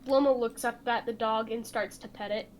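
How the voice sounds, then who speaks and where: High-voiced, giggly woman player. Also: moderate pace, slight background noise. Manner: giggly, excitable. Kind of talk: tabletop play.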